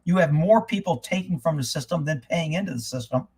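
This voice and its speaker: A high-pitched man hosting a live political talk stream. He rants with heat and curses freely, his voice rising to a shout when something gets to him. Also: brisk, breathy edge. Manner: fired-up, swearing, shouts when worked up. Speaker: livestream host.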